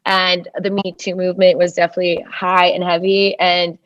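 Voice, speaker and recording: A woman in her twenties from Russia, a stand-up comedian, meanders through a podcast guest spot with lots of fillers. Her voice sits on the low side with little pitch movement at a moderate pace, recorded in dull, dry lo-fi quality.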